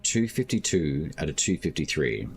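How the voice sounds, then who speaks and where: Very deep-voiced Australian man streaming. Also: very animated, creaky, breathy edge. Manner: slow, laid-back talk with many "like" fillers. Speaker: game streamer. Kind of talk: casual live-stream chat.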